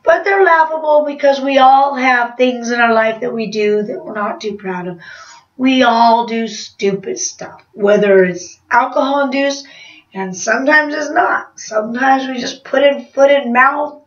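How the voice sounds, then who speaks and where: A woman's voice: high-pitched, a little slow. A woman vlogger telling a rambling confessional story in a chatty way, laughing at herself. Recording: roomy, distant, slightly dull sound.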